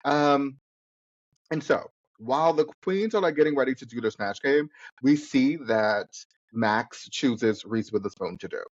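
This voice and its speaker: A man's voice: medium pitch, animated, a little slow, dry recording. Podcast guy rambling about a tv show, forgets names, kinda muffled dry mic. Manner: chatty, rambling, trips over names. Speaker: podcast co-host. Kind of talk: casual chat recapping a reality show.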